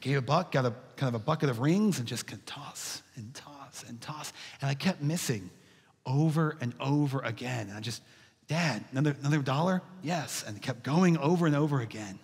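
A man's voice: mid-range voice, moderate pace, vocal fry, a little mellow, slightly rough. A male pastor preaching a sermon, telling stories in a folksy way and calling the congregation "y'all.". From Texas. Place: church sanctuary. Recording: reverberant church sanctuary.

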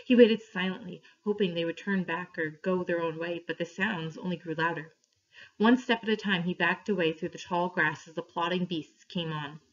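A woman with a lowish voice reads a story aloud to her class, clear and steady, pausing for questions. The recording sounds dull and lo-fi.

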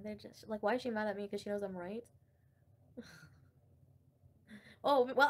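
A woman hosting a casual livestream and commenting on online drama, blunt and profane, with frequent laughter. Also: fairly high pitch.

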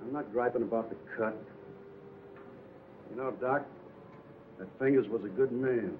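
An actor playing a tough-talking crook in a 1940s film, using streetwise slang. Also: male voice, medium pitch, measured pace, natural voice. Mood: uneasy. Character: tough-talking male crook, middle-aged. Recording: tinny old film soundtrack with hiss.

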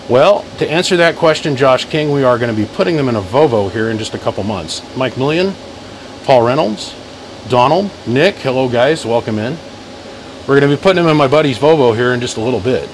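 A man talking loudly in his workshop, running a live-stream battery test, calling out "one, two" mic checks and greeting viewers by name. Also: mid-range voice, animated, a little fast, a little hiss or hum, poor audio. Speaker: host testing a car-audio battery. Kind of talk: casual live-stream demo. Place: workshop garage. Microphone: phone mic for live feed plus chest mic.

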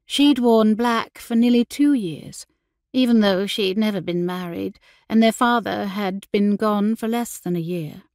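A woman narrates a period novel in a measured, expressive way, her voice sitting at a mid pitch. The studio sound is dry and close, with no room around it. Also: no room sound. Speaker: audiobook narrator. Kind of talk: scripted audiobook narration.

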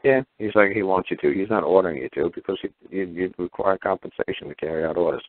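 A man talking casually on a call-in show, piling up rhetorical questions in an animated way. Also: low voice, fast talker. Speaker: guest caller explaining legal ideas. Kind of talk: casual phone-in talk. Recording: tinny phone line, dry.

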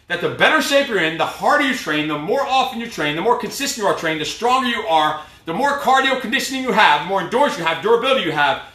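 Loud, pushy male fitness coach, echoey room. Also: high voice. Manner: loud, pushy, profane motivator. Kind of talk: live workout cueing and pep talk. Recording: echoey room, mic at a distance.

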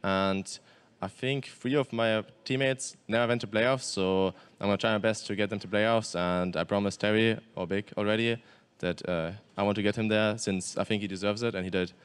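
A young German-accented pro player gives quick, matter-of-fact post-game interview answers full of fillers and restarts. His fairly low voice stays steady, clear, and resonant.

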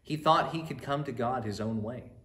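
Earnest church storyteller, man, mid-pitched voice, bedtime Bible narration to kids, echoey room. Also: normal speed, a bit bright. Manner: earnest, addresses children directly. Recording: roomy echo.

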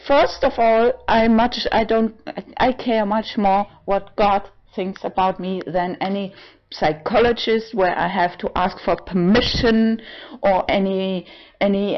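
A woman in her apartment, rambling in a personal vlog with non-native English phrasing, halting restarts and sudden swearing, a little tipsy. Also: mid-range voice, lo-fi sound. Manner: halting, many restarts and fillers, swings into swearing and emotional outbursts. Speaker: vlogger. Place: own apartment.

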